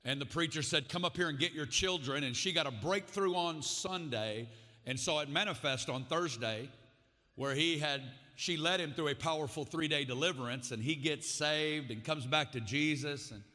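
Forceful Arkansas preacher in an echoing hall. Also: male voice, fairly high pitch, moderate pace. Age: 40s. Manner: folksy storytelling with frequent asides. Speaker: guest preacher. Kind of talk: sermon testimony. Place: large conference hall. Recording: reverberant hall.

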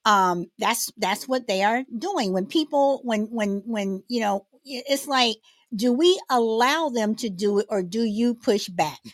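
A woman's voice: fairly high pitch, measured pace. A woman hosting a casual talk show, often restarting and repeating words as she asks questions.

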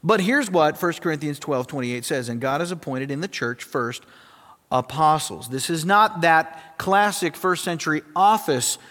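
A man preaching in a big hall, his voice carrying a long reverb. He speaks a little higher than most men and tells stories with animated energy. The tone is that of a sermon. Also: moderate pace. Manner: animated storyteller, voice climbs high when acting out his younger self. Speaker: pastor. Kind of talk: sermon with personal storytelling.

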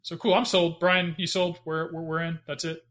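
Bright, upbeat man hosting a podcast. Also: on the high side, level tone, moderate pace. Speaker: podcast host. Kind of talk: casual podcast chat and outro.

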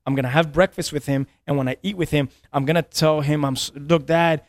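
A man's voice: a little high, steady tone, a little fast, no echo. Earnest man telling a story, dry sound. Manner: earnest, repeats words, laughs between lines. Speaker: pastor. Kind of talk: casual podcast storytelling.

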